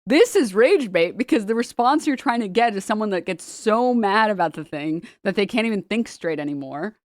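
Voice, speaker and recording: Woman, streamer, casual commentary, laughs a lot, swears, mid pitch, dry room. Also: expressive, moderate pace, no echo. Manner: laughing, swearing, reads posts aloud in mocking voices.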